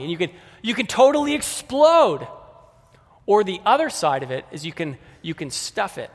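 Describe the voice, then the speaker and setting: A man's voice: high-pitched, big pitch swings, moderate pace, in a large hall. A man preaching a sermon in a conversational way, speaking directly to the kids and the adults in the congregation.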